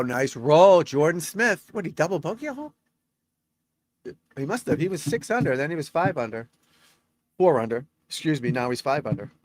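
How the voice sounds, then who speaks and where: A man's voice: mid-range voice, dry recording. Rambling man chatting on a dry live stream. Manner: rambling, talkative, reads off scores. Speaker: golf instructor streaming live. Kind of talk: live-stream commentary and chat with viewers.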